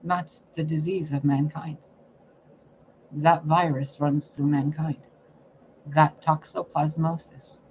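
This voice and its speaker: Guy ranting preachy and profane, kinda high voice, muffled recording w faint hiss. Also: little pitch movement, slow, long pauses. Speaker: psychic reader. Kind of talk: ranting spiritual monologue.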